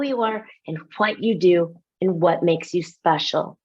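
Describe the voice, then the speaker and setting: A woman from the United States giving a lively webinar talk as a keynote speaker, animated and self-mocking, with quick asides and laughs. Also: lowish voice, breathy edge, muffled recording.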